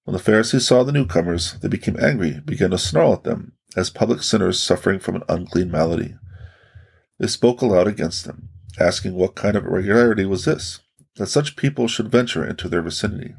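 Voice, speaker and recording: A man reading a religious audiobook aloud in measured, even scripted narration. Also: deep voice, gravelly, slightly rough.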